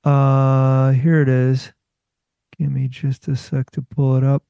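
A man hosting a casual interview, reading listener questions aloud to his guest in a relaxed way. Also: mid-range voice, takes it slowly, gravelly, clean tone, dry recording, highs cut off.

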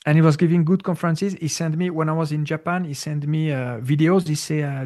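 A man answering a listener's question in a casual talk, halting and searching for words with many restarts. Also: on the high side, fairly even intonation, a little mellow. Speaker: spiritual teacher answering questions. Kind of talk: casual spoken Q&A.

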